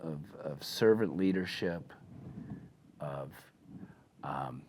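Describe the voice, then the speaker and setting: A man co-hosting a casual talk, speaking in a slow, halting, reflective way with many restarts. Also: a bass voice, lively intonation, darkish tone, slight background noise. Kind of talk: casual discussion.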